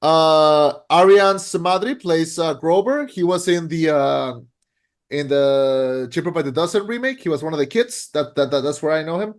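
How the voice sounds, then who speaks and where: Rambling young man, fairly high voice. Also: moderate pace. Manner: rambling, full of "like" and restarts. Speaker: podcast host. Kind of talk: casual chat.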